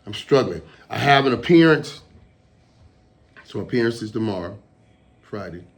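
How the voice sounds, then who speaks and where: Man, casual solo talk, rambling, emotional, mid pitch. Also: lively intonation, moderate pace, vocal fry. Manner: emotional, rambling, repeats words. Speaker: show host.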